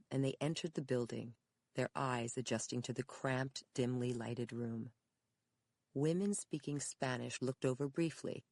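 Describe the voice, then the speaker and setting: An audiobook narrator reading a mystery in a steady, measured storytelling manner. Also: mid-range voice, no echo, clean studio sound. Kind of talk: scripted narration.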